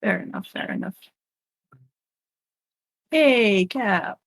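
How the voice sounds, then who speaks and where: A woman's voice: medium pitch, animated, takes it slowly, dry recording. A woman hosting her gaming group on a voice call, teasing and giggly. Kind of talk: casual chat.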